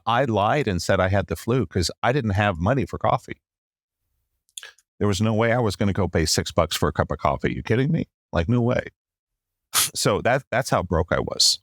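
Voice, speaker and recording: A middle-aged man in a podcast interview, telling a long personal story with lively acted-out quotes and a habit of saying "long story short". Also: fairly low pitch, no echo, studio quality. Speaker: podcast guest.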